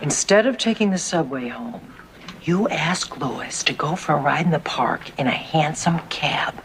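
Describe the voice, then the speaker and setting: A woman's voice: deep voice, expressive, moderate pace, heavy background noise. An actress playing a bubbly woman who coaxes a friend with eager dating advice in a sitcom. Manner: eager, coaxing. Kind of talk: sitcom acting.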